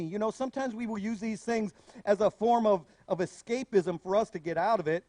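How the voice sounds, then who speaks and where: A man preaching a sermon as a pastor, telling stories with animated asides. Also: high-pitched, brisk, no echo.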